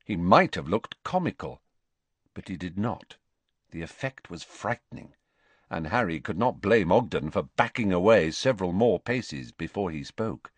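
A man narrating an audiobook in a measured, expressive storytelling voice. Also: low-pitched, breathy edge, no echo. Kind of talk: scripted narration.

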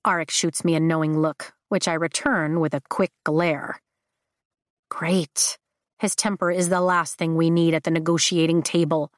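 Steady, low-voiced woman narrating a story. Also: moderate pace, no room sound, clean studio sound. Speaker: audiobook narrator. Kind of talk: first-person scripted narration.

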